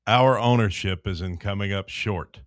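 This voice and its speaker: A man's voice: on the low side, moderate pace, no room sound. A man co-hosting sports radio, reading the headlines in a dry, unimpressed manner. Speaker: news segment co-host.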